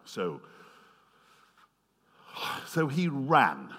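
A man preaching a sermon, retelling a story with animated swings between loud passages and quiet, earnest asides. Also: medium pitch, slow, pauses often. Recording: long hall reverb.

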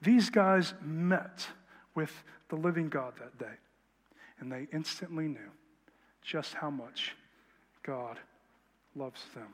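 A man telling a testimony story in a sermon, animated and then dropping to quiet intensity. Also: fairly high pitch, slow, pauses often. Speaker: preacher. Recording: long hall reverb.

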